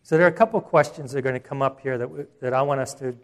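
A man preaching a sermon as pastor, earnest, restarting phrases and slowing down for emphasis. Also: mid-range voice.

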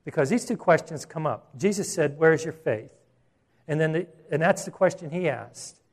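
Earnest male pastor preaching a sermon. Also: fairly high pitch. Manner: earnest, with frequent restarts and slowed, emphatic phrases.

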